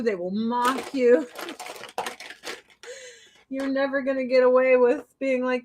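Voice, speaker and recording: A woman's voice: high voice, expressive, slow, pauses often, slight background noise. A middle-aged woman chatting casually while doing her makeup, telling blunt, profane stories with frequent laughs. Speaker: vlogger. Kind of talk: casual get-ready-with-me chat.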